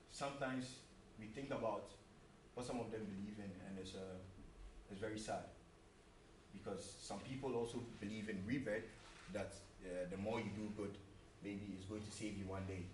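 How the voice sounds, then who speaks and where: Earnest low-voiced man preaching in an echoey hall. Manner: earnest, repetitive, rhetorical questions. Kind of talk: sermon with a told joke. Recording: roomy echo, mic far off, faint hum.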